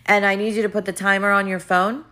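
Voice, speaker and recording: A woman's voice: medium pitch, level tone, fast talker, sharp tone. A woman hosting a podcast as a life coach, talking earnestly and with emphasis, often repeating her phrases. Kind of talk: motivational podcast monologue.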